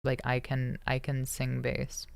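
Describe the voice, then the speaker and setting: A young adult streamer chats through voice practice in a feminized voice, built up after male puberty. The delivery is slow and full of restarts. The tone is smooth and resonant with a gravelly edge. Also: medium pitch, completely flat delivery, no echo. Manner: hesitant, many restarts and throat clearing. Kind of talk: casual livestream chat.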